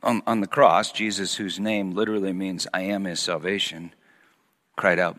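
A man preaching a sermon, swinging from loud emphatic peaks down to hushed, almost whispered lines. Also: low voice, fairly even intonation, moderate pace, big-room sound.

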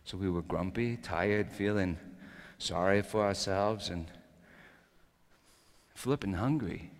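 A man preaching a comic first-person sermon monologue, telling the story wryly and swinging between quiet and loud. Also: sits low, slow pace. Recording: long hall reverb.

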